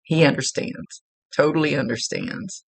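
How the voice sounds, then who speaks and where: Gravelly-voiced woman giving a psychic reading. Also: sits low, fairly even intonation, unhurried, no echo. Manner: chatty, relays spirit messages with frequent laughs. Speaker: psychic medium. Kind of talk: mediumship reading, casual relaying of messages.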